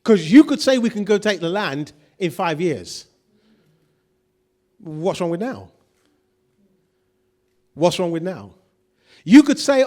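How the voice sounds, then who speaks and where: Man, preaching, slow and deliberate, pitch swinging widely, asks the congregation questions. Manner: animated preaching, acts out quoted voices, asks the congregation questions. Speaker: pastor. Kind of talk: sermon.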